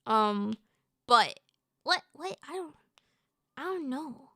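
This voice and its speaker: A woman streamer talks straight to her viewers in a high, sharp voice, rambling along with lots of restarts and the odd curse. She sits close to a desk mic in a dead-dry home room. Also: takes it slowly, dry recording. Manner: rambling and animated, with restarts and casual swearing. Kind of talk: casual live-stream chat.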